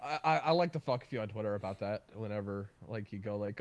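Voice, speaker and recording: A man's voice: on the low side, fast. A young adult man hosting a livestream, chatting casually and telling profane stories with a lot of energy. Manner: excitable, profane storyteller. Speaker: livestream host. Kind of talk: casual chat.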